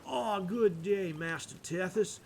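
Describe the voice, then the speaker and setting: A gentle village priest from a video game, as a man puts him on, unhurried and soothing. His voice lifts a little and draws words out calmly. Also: sits high, gravelly, a little hiss or hum, pitched above the performer's own voice, exaggerated voice. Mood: placid.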